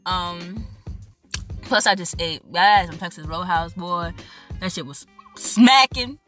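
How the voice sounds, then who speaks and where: A young woman hosting a casual podcast rant from home, loud, hyper and playful, swearing and rambling as she goes. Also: on the low side, takes it slowly, faint music behind. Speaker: podcast host.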